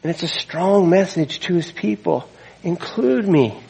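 A man's voice: high voice, steady tone, moderate pace, creaky, a little mellow, breathy edge, poor audio. A middle-aged man preaching a sermon, earnest, weaving in scripture quotes and asides. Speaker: pastor.

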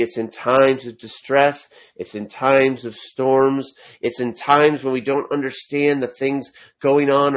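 Man preaching a sermon with emphatic repetition. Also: medium pitch. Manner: reads scripture aloud, rising to emphatic repeated phrases.

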